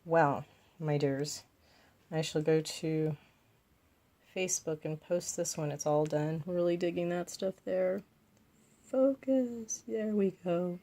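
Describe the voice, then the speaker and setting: A woman's voice: on the low side, level tone, a little slow, mellow. A woman vlogging as she paints, thinking aloud about her choices and tossing in playful asides. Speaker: craft vlogger. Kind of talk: casual talk while painting.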